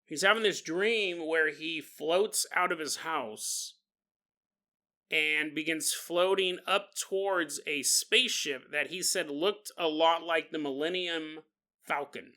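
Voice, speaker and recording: A man hosting a podcast, telling paranormal stories in a joking, animated way and laughing often. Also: fairly high pitch, takes it slowly. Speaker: podcast host. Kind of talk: comedic paranormal storytelling.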